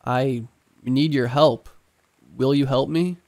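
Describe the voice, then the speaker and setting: A man voicing a sinister, contemptuous wood spirit trapped below ground, speaking in a slow, hissing way. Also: mid-range voice, fairly even intonation, a little mellow, no echo. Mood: coaxing.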